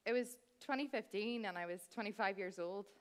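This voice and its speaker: A woman in her thirties, telling a comic, wry story on stage as a cabaret performer and speaking straight to the audience. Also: medium pitch. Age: 30s. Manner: chatty, wry, addresses the audience directly. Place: theatre stage.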